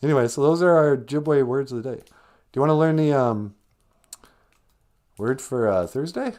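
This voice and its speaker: A man's voice: medium pitch, normal speed, a little mellow. Teasing man hosting a language lesson. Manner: teasing, blunt, chatty. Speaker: Ojibwe language teacher and host. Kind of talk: comedic live-stream lesson with call-in skit.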